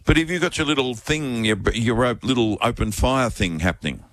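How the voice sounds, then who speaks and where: A male talkback radio host, trading dry, teasing banter with his callers. His voice sits in a middle pitch. The studio sound is close and dry. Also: fairly quick, a bit bright, no room sound.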